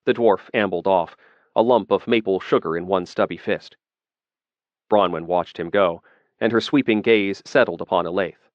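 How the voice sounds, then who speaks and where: A man narrating a fantasy audiobook in a measured, steady reading. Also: sits low, no echo, lo-fi sound.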